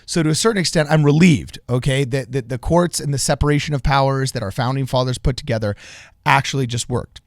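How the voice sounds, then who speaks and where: A man co-hosts a political podcast in a medium-pitched voice, talking fast with clean studio sound and no room echo. He's earnest yet casual, often restarting and repeating phrases, and breaks into bursts of laughter.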